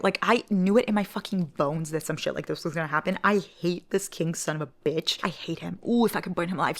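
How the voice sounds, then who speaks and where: A young woman with a lowish, gravelly voice talks straight to her viewers in a casual book vlog. She gushes and swears freely, swinging from excited to grumbling. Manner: excitable, profane, gushing. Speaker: book vlogger. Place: at home indoors.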